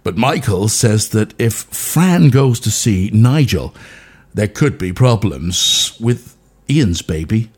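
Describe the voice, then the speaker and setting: A husky-voiced man hosts a homemade comedy show from his bedroom studio. His pitch swings about a lot as he rambles through jokes, ums and throwaway asides. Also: lively intonation, slow pace. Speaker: DJ and podcast host. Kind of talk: rambling comic monologue.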